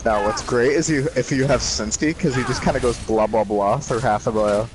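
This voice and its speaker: A young man hosting a gaming stream, chatting casually with friends in a relaxed, laughing way and swearing often. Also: mid-range voice, fairly quick, rough recording. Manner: laid-back, swears often, laughs mid-sentence. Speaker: let's play host. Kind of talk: casual chat among friends while gaming.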